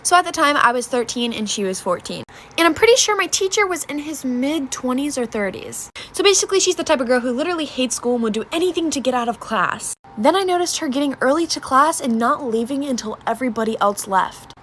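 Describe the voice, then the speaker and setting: Woman, fast-talking, slightly high voice, gossipy, story time. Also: animated, fairly bright tone, slight background noise. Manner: rapid, gossipy.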